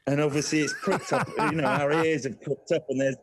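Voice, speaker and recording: A man on a radio show as a guest, telling a funny story in an animated, chuckling way. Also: a little high, a little fast, noisy background.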